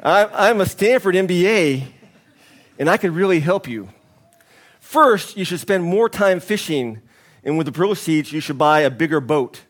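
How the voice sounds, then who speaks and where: A preacher puts on a pushy businessman pitching big plans. He lectures with eager salesmanship and sits a little higher in his voice, an ordinary reading voice with no heavy disguise. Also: animated, normal speed, a bit bright. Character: pushy male business school graduate.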